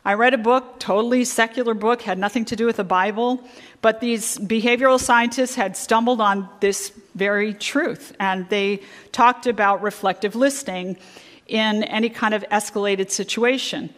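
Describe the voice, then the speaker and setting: A middle-aged woman leading a church marriage workshop, quizzing the audience with fill-in questions and stressing key words slowly. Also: medium pitch, fairly even intonation. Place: church sanctuary. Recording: long church hall reverb.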